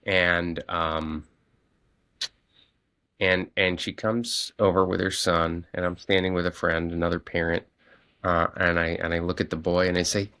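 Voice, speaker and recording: Middle-aged male podcast co-host, low gravelly voice, lively storyteller who pops into high voices for quotes. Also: measured pace. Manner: animated, jumps high to act out quoted voices. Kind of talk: casual storytelling chat.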